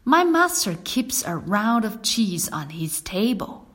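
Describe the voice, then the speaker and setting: Lady doing a clever little lamb for a kids story, bright and coaxing, slow careful reading. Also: medium pitch, lively intonation.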